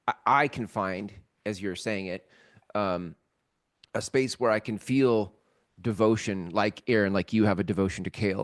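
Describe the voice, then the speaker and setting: Man, podcast co-host, low voice, halting, restarts, thinking aloud. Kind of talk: casual conversation.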